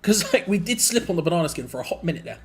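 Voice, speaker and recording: A young man hosting a live football watch-along, mixing quick play-by-play with rambling chat and sudden excited outbursts. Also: high-pitched. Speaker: fan channel co-host.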